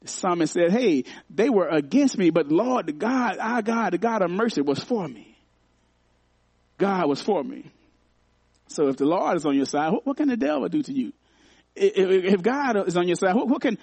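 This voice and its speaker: High-voiced preaching man, dry sound. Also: expressive, normal speed, vocal fry, a little mellow, husky, no room sound. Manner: repeats phrases for emphasis, rhythmic call to the congregation. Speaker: pastor. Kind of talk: sermon. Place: church.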